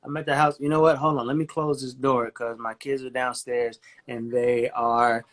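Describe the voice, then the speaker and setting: A man calling in from home as a guest, chatting in a relaxed, friendly way. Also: mid-range voice, normal speed. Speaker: guest musician. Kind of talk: casual video-call chat. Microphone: video call from home.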